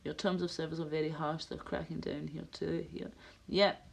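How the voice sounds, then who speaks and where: A woman's voice: low-pitched, flat delivery, normal speed, vocal fry. Rambling woman live-streaming. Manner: rambling, ranting, answers chat viewers by name. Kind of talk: casual live-stream chat.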